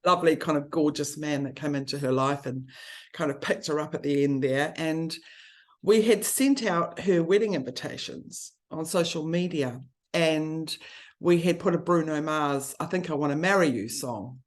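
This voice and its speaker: In a conversation about grief, a woman speaks with a low-pitched voice at a moderate pace. Her tone is earnest and heartfelt, and she quickens when running through a list.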